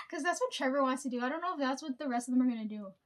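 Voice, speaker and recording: A woman's voice: high voice, big pitch swings, very fast, a bit bright. A young woman telling rambling, profane work stories to the camera and laughing often. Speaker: vlogger. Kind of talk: casual storytelling.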